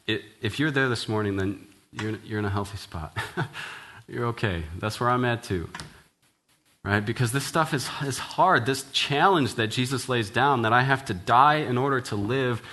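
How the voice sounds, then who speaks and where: A man's voice: mid-range voice, normal speed. A man, a church minister, preaching an earnest, conversational sermon, often checking in with "right?" and restarting his sentences. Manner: casual, frequent "right?" tag questions and restarts; earnest, ends in quiet prayer.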